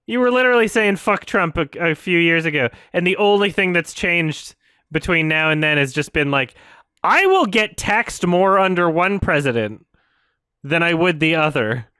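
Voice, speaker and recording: A man's voice: on the high side, animated, moderate pace, pushed and bright, clear, resonant tone, dry recording, studio quality. A man from Canada hosting a stream, ranting casually with lots of swearing, restarts and disbelief. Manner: profane, incredulous, stammering restarts. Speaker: streamer host.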